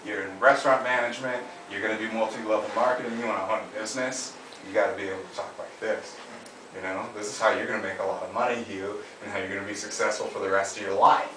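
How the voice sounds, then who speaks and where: A man's voice: fairly low pitch, fairly even intonation, fast. A man coaching someone in a bossy, lecturing way. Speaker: dating coach. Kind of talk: mock coaching session. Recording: echoey room, from far off, faint noise.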